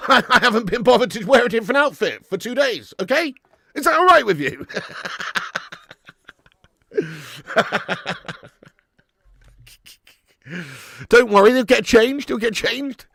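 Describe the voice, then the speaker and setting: A man's voice: very high voice, big pitch swings, takes it slowly, gravelly, long pauses, bright, forceful tone, dry recording, clean studio sound. A man hosting a live football watch-along stream, bantering and laughing as he reads out viewer messages.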